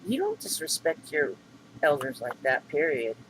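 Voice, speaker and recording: Aggrieved high-voiced middle-aged man. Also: huge pitch swings, moderate pace, noisy background. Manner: rambling, aggrieved, many fillers and restarts. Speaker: vlogger. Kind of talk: upset venting monologue.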